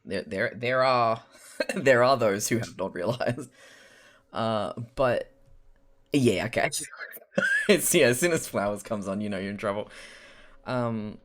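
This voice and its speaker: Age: young adult. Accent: mild Australian. Role: live streamer. Delivery: loose, rambling chat with frequent laughter and some swearing, in an average pitch. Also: expressive, unhurried, pauses often. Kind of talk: casual chat while drawing on stream.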